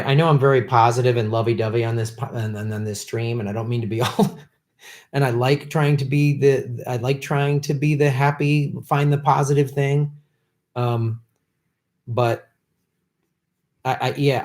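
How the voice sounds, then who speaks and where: At a normal speed and medium pitch, a man rants on his political livestream. The commentary is unscripted, profane, and shouted, aimed bitterly at politicians.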